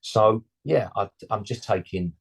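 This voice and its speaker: A man's voice: on the low side, unhurried, vocal fry, slightly rough. A man in his sixties, a musician guest, rambling and blunt in casual interview chat, full of "you know" and slangy asides.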